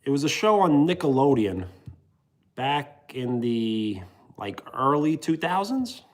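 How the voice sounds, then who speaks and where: A man's voice: mid-range voice, big pitch swings, slow. A man hosting a livestream, chatting casually and playfully with viewers and joking with his chat. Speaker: livestream host.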